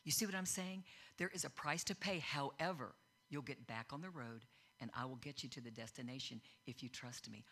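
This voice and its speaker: A middle-aged woman preaching a sermon, animated, acting out quoted voices and growing loud and excited. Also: rumbling low, a little fast, slightly rough. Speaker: pastor.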